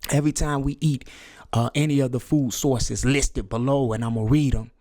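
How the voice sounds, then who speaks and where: A man's voice: medium pitch, steady tone, normal speed, no echo. Preachy man vlogging, dry close sound. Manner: preachy, repetitive, drops to hushed whisper for emphasis. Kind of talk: conspiracy talk video.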